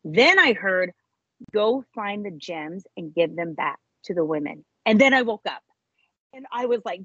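Woman guest, husky, emotional storyteller; slightly dull recording. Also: unhurried, no room sound. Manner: animated storyteller, voice jumps high when reenacting. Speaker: interview guest, author. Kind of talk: emotional personal testimony.

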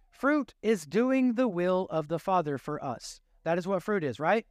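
Animated preacher man with a drawl. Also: high-pitched, a little slow, hardly any pauses, clear, resonant tone, no room sound, studio quality. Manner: animated, self-deprecating, rambling asides. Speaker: pastor. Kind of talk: sermon.

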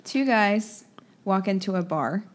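A playful woman leads a relaxed game with friends, chatting easily and laughing often. Her voice sits at a middle pitch. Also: measured pace. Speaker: host running a game. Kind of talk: casual chat.

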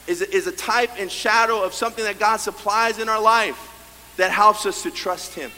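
A man preaching a sermon as pastor, animated, acting out the voices of his congregation. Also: high voice, moderate pace. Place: church sanctuary. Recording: long hall reverb, faint room ambience.

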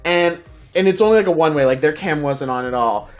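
A podcast co-host telling a story in casual chat, animated, swearing freely and acting out the people in it. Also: medium pitch, a little fast, faint music behind.

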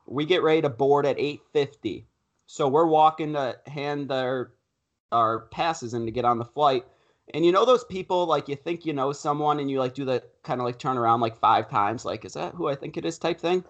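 A young man tells a story on a casual podcast, animated and acting out what people said. His voice sits in a middle pitch, plain and easygoing. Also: moderate pace, highs cut off. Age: young adult. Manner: animated storyteller, acts out quotes. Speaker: podcast co-host.

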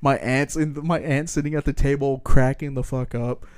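A man's voice: mid-range voice, fairly even intonation, moderate pace, clear, resonant tone, no room sound. A young man in casual podcast chat, telling rambling stories with swearing and frequent laughs. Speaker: podcast co-host.

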